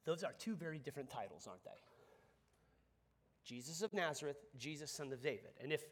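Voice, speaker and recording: Animated high-voiced male preacher. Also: brisk. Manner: animated, conversational preaching with congregation call-and-response. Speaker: pastor. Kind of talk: sermon.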